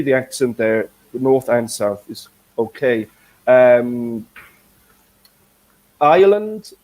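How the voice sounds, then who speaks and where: A man's voice: medium pitch, warm tone, rough recording. A man with a Welsh accent, an English teacher chatting through a live online lesson in a hesitant, filler-heavy way. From Wales.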